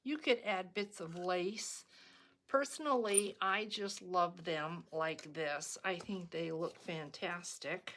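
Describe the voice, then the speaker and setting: A woman's voice: fairly low pitch, takes it slowly, fairly bright tone. A middle-aged woman hosting a casual craft tutorial, chatty and rambling, with frequent ums and restarts as she works. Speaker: crafting video host.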